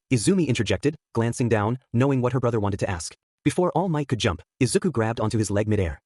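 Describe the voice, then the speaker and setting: A man reads a fan fiction story at a quick clip, his voice husky and a little rough around the edges. The sound is dry and close, with no room around it. He lifts his pitch to voice the characters in between the narration. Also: animated, darkish tone, dry recording. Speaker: fanfic narrator.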